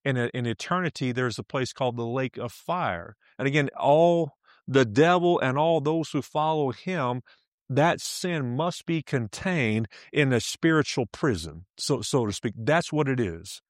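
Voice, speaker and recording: A man preaching a sermon, who often repeats himself, checks in with his listeners and slows down for emphasis. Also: medium pitch, expressive, dry recording, studio quality. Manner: repetitive, checks in with "all right?".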